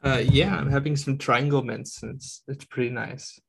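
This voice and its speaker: A man's voice: medium pitch, steady tone, normal speed, vocal fry, husky. A man in a casual group chat on a video call, easygoing and brief.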